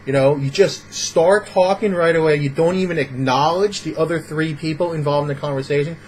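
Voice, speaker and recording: A man's voice: a little high, brisk, darkish tone, slight background noise, rough recording. A man giving casual, rambling advice in a vlog, acting out little example scenes. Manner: rambling, filler-heavy, acts out little scenes. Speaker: vlogger.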